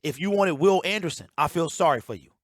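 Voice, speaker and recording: A man's voice: on the high side, animated, a little fast, no echo. A man giving opinionated sports talk as a commentator, emphatic and ranting, repeating his key points on a close mic.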